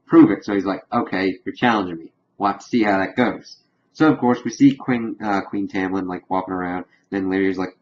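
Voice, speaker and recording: A man with a fairly low voice retells a TV episode in a loose, rambling way, quoting the characters without really acting them out. The recording sounds a bit dull and lo-fi, like a home setup. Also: a little hiss or hum. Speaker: show reviewer. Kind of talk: casual recap of an episode.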